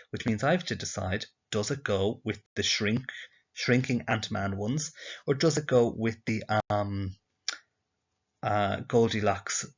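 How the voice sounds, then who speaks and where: Low-voiced male teacher narrating slides on a muffled recording, calm question-and-answer delivery. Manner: patient, asks and answers his own questions.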